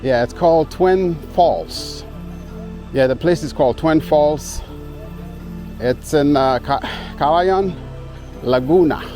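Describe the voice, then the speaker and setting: Man, slow and unhurried, out of breath, casual travel vlog, handheld camera outdoors. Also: fairly high pitch, mellow, soft background music. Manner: easygoing, chuckles often, greets locals. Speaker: vlogger. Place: outdoors on a rural trail.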